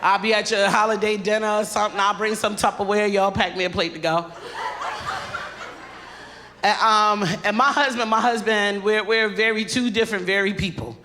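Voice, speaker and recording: A woman comedian doing a stand-up set on stage into a handheld mic, animated and laughing through her punchlines. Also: mid-range voice, normal speed, noisy background.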